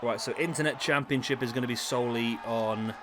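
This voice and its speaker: A man's voice: mid-range voice, fairly quick, noisy background. A man in his thirties streaming a wrestling game live, chatting casually to viewers. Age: 30s. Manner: chatty, talks to chat viewers. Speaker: gaming streamer.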